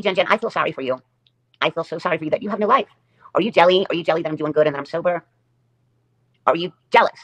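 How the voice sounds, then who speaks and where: A woman's voice: lowish voice, lo-fi sound. A woman hosting her own livestream, delivering a sarcastic, taunting rant and repeating her jabs over and over. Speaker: livestream host.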